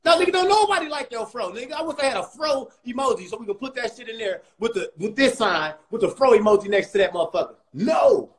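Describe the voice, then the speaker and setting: Guy with a super high voice roasting somebody on a live stream, loud and mocking, nonstop insults. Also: animated, quick pace, few pauses, poor audio. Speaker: comedian host. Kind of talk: profane roast on a livestream.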